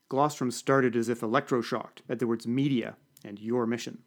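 A man's voice: mid-range voice, steady tone, moderate pace, hardly any pauses. A man giving a dry, wry first-person audiobook narration.

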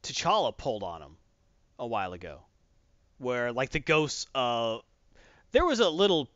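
A man's voice: medium pitch, very animated, measured pace, a bit bright, dry recording. A man in a casual chat, animatedly retelling a comic story and quoting its characters, on a dull lo-fi recording. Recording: dull lo-fi, dry.

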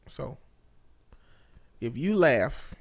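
A man's voice: mid-range voice, lively intonation, very slow, vocal fry. A man co-hosting a podcast in casual banter, joking and emphatic, laughing often. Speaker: podcast co-host.

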